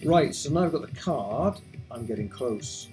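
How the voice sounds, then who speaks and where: A man's voice: mid-range voice, expressive, unhurried, warm tone, faint music behind. A man casually commenting on a video game he is playing, chatty, reading game text aloud and adding wry asides. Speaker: let's play host.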